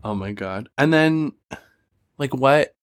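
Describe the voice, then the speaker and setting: A man's voice: mid-range voice, lively intonation, takes it slowly, smooth. A young man with a mid-range voice, co-hosting a casual podcast chat. He rambles and jokes, filling gaps with "like" and "um". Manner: rambling, joking, filler-heavy. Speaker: podcast co-host.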